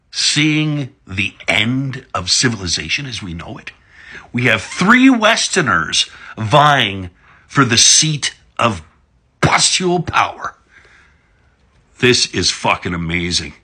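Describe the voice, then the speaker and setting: Brief: middle-aged man, lower voice, bright and husky, sarcastic profane rant. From Alberta, Canada. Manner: sarcastic, heavy swearing, big pitch swings. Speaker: political commentator. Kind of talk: profane ranting monologue.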